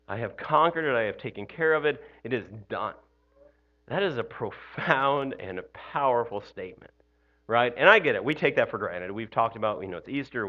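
Medium-pitched male voice with the high frequencies cut off. A pastor delivers an Easter morning sermon loosely and conversationally, sprinkling in "you know" and "right?" and laughing at himself.

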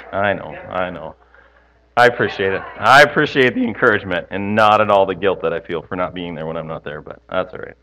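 A man leads prayer and tells a story to his congregation in a relaxed, rambling sermon. His voice sits a little low but sounds bright and forward. He often stops to restart his sentences and pokes fun at himself. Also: rough recording. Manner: hesitant, self-deprecating, many fillers and restarts. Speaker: pastor.

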